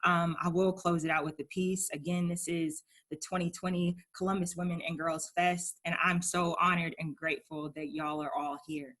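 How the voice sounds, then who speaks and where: A woman's voice: lowish voice, flat delivery, moderate pace, hardly any pauses, fairly bright tone. A woman hosting an online poetry segment and performing her own spoken-word piece with emphatic, rhythmic delivery. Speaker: poet and event host.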